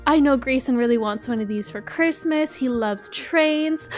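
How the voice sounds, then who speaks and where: A young woman giving bubbly, excitable role-play game commentary, gasping often. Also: sits high, a little slow, faint music behind. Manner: bubbly and excitable, frequent gasps. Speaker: gaming YouTuber.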